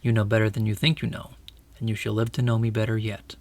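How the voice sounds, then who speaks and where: A man voicing a great, kingly male lion who speaks in a grave, measured, commanding way. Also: on the low side, level tone, a little mellow, close to an everyday voice. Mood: solemn.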